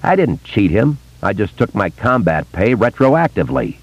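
A man voicing a brash, profane, warm-hearted wealthy woman who talks excitably and swears freely. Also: fairly low pitch, normal speed, slightly rough, dry recording, pitched above the performer's own voice, heavily acted. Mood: scornful. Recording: dull lo-fi audiobook recording.

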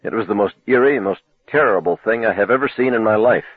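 A man narrating a novel in the first person, telling it in a measured, low, dramatic manner. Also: husky, dry recording. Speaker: audiobook narrator. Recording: tinny phone-like dry recording.

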